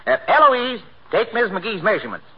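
Folksy small-town tailor, lively up-and-down voice, 1940s radio comedy, muffled old broadcast. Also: male voice, high-pitched, normal speed, slightly rough, heavily acted. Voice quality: folksy drawl, homespun grammar. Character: folksy small-town man tailor, middle-aged, easygoing.

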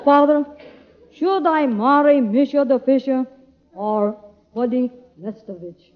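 A woman's voice: high voice, slow. A woman hosting a 1940s radio comedy sketch, playing a theatrical sweetheart straight. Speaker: radio show host. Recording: dull old radio broadcast with music.

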